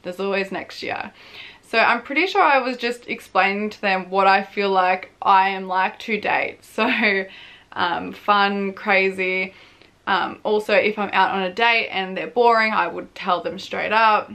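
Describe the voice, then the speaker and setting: A woman's voice: medium pitch, unhurried, gravelly, pushed and bright. A young woman in her twenties giving casual, self-mocking advice in a chatty vlog, swearing freely and laughing often. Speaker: vlogger, former reality show contestant.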